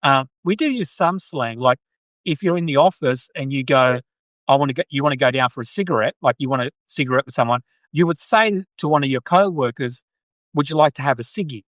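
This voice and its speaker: A man's voice: medium pitch, a little fast, a bit bright, no room sound. An Australian man from Sydney, hosting a casual live-stream chat, rambling and chatty as he answers viewer comments. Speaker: podcast host.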